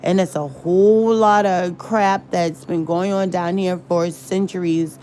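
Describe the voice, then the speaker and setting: A woman's voice: fairly low pitch, steady tone, measured pace, warm tone, slight background noise. A woman rambling and searching for words in a casual livestream chat. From American South. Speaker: livestream host.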